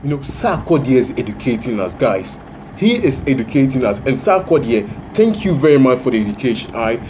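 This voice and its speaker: Earnest man, lively pitch. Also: a little fast, background noise. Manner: earnest, repeats words and phrases for emphasis. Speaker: reaction video host. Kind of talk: casual commentary to viewers.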